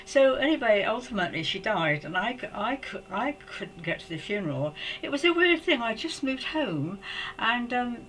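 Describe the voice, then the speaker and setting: An older woman from England tells a personal story to camera at home. She speaks softly and reflectively, with many hesitations and restarts. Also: fairly high pitch, sing-song, low-quality recording. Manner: halting, hesitant, with frequent restarts. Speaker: psychic storyteller.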